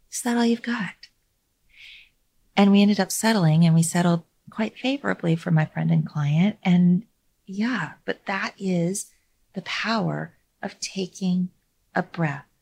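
Lowish voiced woman podcast host, calm and measured storytelling, goes almost whisper for emphasis. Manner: calm and measured, drops to near-whisper for emphasis, laughs lightly. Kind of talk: reflective storytelling monologue.

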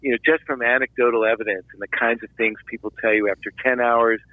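A man from Philadelphia, a filmmaker guest, telling a long anecdote in an animated interview, with restarts and asides. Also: mid-range voice, fast talker, no echo, phone-quality sound. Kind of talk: storytelling interview.

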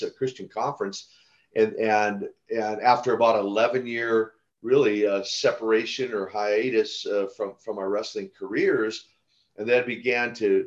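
An older man, a retired wrestler turned minister, telling stories in a casual podcast interview with lively chuckles and restarts. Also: lowish voice, dull audio. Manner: animated, chuckling, with restarts and repeated words.

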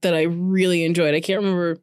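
A woman co-hosting a casual chat podcast, blunt and profane, telling animated stories. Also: lowish voice, fast, dry recording, studio quality. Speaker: podcast co-host.

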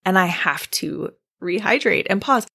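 A woman hosting a faith-based podcast, speaking gently and encouragingly to the listener, her mouth dry, pausing now and then to clear her throat. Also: mid-range voice, animated. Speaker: podcast host.

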